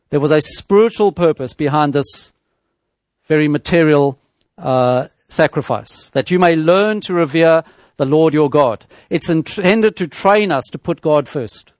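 A man delivers a sermon in a fairly high voice, working through his points in a measured teaching tone. He often restarts phrases and asks rhetorical questions. The sound is dry and close, with no room echo. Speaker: preacher.

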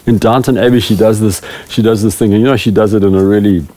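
A man's voice: lowish voice, steady tone, fast, warm tone. A middle-aged man, a preaching elder, giving a rambling, self-deprecating talk to a small group of church leaders. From South Africa.

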